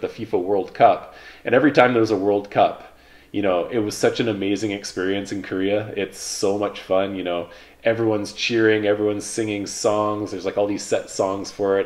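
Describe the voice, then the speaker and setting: Relaxed low-voiced man telling stories. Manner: relaxed, rambling, with frequent fillers. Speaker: vlogger, pilot. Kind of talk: casual reflective storytelling.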